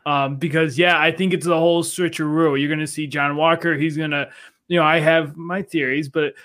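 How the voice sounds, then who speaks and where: A man's voice: fairly high pitch, level tone, fairly quick, fairly bright tone. A man co-hosting a podcast, chatting casually and rambling with lots of fillers. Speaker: podcast co-host. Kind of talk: casual panel chat.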